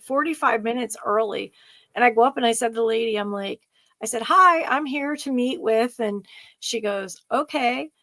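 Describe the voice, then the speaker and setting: Laid back woman on a podcast, higher voice, retells what people said, laughs along. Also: a bit bright, no room sound. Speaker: podcast co-host. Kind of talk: casual chat.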